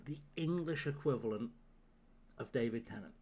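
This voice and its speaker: A man's voice: medium pitch, normal speed, darkish tone, husky. Male streamer, live game commentary, sardonic, swearing, mid-range voice. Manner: sardonic, profane joking to chat.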